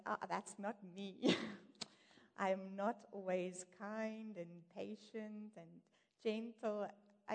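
Lady preacher chatting through a sermon, mid pitch, lots of hall echo. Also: darkish tone. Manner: conversational, with light laughs and quoted asides. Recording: long hall reverb.

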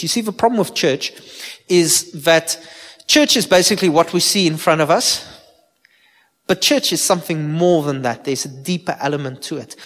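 A man's voice: a little high, a bit bright. A man, a pastor giving an informal sermon and asking his listeners direct questions. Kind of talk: conversational sermon. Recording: long hall reverb.

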